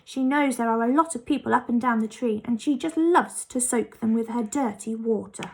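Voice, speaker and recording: A woman voicing a gentle, chatty female fairy giving a warning. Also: fairly high pitch, moderate pace, gravelly.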